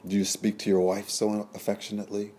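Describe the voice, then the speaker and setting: A man's voice: fairly low pitch, monotone, fast talker, warm tone, a little hiss or hum, close to an everyday voice. A man voicing a young Creole mistress in an audiobook, mocking and cutting in her sarcastic replies. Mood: scornful.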